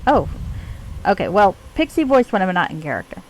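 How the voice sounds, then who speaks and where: A woman's voice: mid-range voice, very animated, fairly quick, a little hiss or hum, rough recording. A woman streamer commenting on a fantasy game she plays, reading its text aloud with wry, sarcastic asides.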